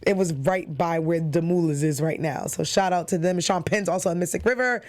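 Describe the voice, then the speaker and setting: A woman's voice: lowish voice, brisk, a little mellow. Host, woman from New York, enthusiastic casual chat, lots of fillers. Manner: chatty, enthusiastic, with frequent fillers. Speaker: TV recap show host.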